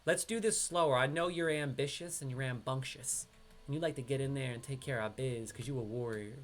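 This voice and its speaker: Bright-voiced streamer from upstate New York. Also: male voice, mid-range voice, a little fast. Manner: excitable, slangy banter with a teammate. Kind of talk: live gameplay commentary.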